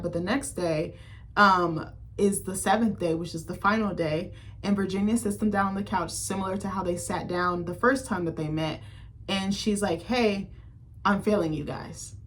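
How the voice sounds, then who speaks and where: Chatty and swearing freely, this woman recaps a film as a critic vlogger, leaning heavily on "like" and "um." She speaks at a moderate pace in a mid-range voice with fairly even intonation.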